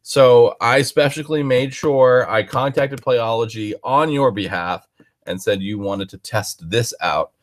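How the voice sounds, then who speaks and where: Man, dog trainer, live-stream host, casual chat, encouraging, chatty, restarts often, mid pitch. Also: unhurried.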